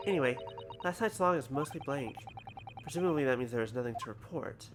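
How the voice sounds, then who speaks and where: A man's voice: medium pitch, fast talker. Jokey streamer man reading a game aloud. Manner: casual, jokey, swears. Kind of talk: let's-play commentary and reading game dialogue aloud. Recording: background noise from home stream setup.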